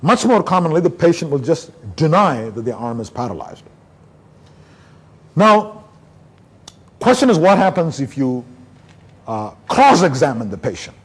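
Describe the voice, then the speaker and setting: A male neurologist from India giving a conference lecture, an animated storyteller who acts out the back-and-forth between doctor and patient. His voice sits fairly high for a man and has a husky edge. His pitch rises and falls widely from line to line. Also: measured pace, pauses often. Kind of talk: conference lecture with case anecdotes.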